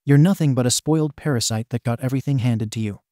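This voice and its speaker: A man's voice: medium pitch, quick pace, mellow, no room sound, studio quality, close to an everyday voice. A man voicing a bitter, scarred young male villain confronting his father in a fan fiction reading, menacing and accusing.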